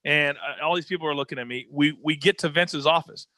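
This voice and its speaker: Bright, energetic male storyteller. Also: on the high side, a little fast, no echo. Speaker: interview guest. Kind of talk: animated storytelling.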